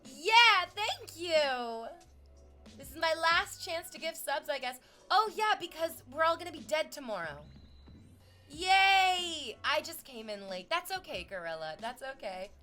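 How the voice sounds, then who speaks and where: A young adult woman livestreaming casual chat, swearing freely and breaking into excited shrieks and laughter as she reacts to viewers. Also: high-pitched, a little fast, hardly any pauses, faint music behind.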